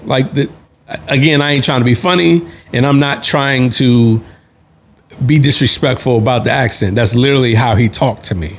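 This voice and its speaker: A man's voice: mid-range voice, moderate pace, a little hiss or hum. A man hosting a show, telling a story in a casual, rambling way, full of restarts and slang. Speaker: podcast host, Navy veteran.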